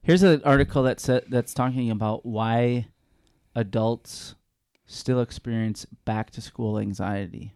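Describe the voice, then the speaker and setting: A man's voice: medium pitch, a little slow, a little mellow, clean tone, dry recording. A man co-hosting a podcast in casual chat, with wry remarks and some reading aloud. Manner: dry, wry, reads articles aloud. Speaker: podcast co-host.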